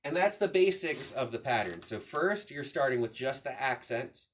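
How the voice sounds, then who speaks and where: A man's voice: medium pitch, animated, measured pace, hardly any pauses, heavy background noise. Patient man teaching drums. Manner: patient, counts beats aloud while demonstrating. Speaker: drum teacher. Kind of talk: casual instructional explanation. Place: room with a drum kit.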